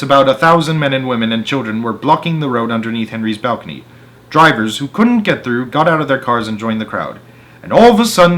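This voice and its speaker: A man reading a children's book aloud, expressive, with small slips and restarts. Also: medium pitch. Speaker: storyteller.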